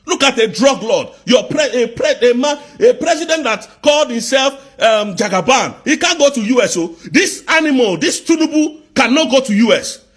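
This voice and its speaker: A man with a Nigerian accent in an angry live rant, firing off accusing rhetorical questions and sometimes shouting. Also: very high-pitched, expressive, moderate pace, few pauses, husky. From southeast Nigeria.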